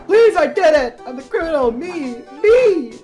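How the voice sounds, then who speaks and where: A man's voice: very high voice, lively intonation, moderate pace, faint music behind, voice pushed up. A man voicing a panicky young man who frantically pleads to be found guilty, in a fan voice dub. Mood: desperate.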